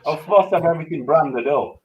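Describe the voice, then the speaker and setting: Male co-host, raised pitch, playful taunting, dull lo-fi sound. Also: racing, slight background noise. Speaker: stream co-host. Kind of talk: casual banter.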